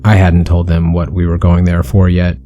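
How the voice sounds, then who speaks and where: Deep dark-voiced man narrating horror. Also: completely flat delivery, moderate pace, lo-fi sound, soft background music. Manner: intense, brooding first-person storytelling.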